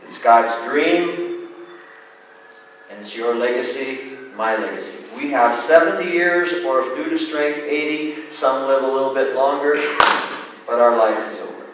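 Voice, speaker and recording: A man pastor preaching a sermon and telling a parable, dramatic and shifting between loud and soft. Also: mid-range voice, a little slow, background noise. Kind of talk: sermon with storytelling. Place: church sanctuary. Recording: echoey hall, distant mic.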